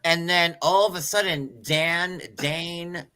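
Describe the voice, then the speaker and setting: A woman in casual chat, ranting and swearing in an animated way. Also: lowish voice, slow, smooth.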